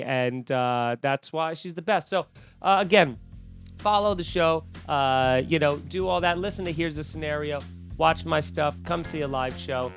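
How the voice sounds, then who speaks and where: A man's voice: a little high, a little slow, soft background music. A young man hosting a comedy podcast, ranting casually and acting out the voices of people he quotes. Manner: animated, acts out quoted voices.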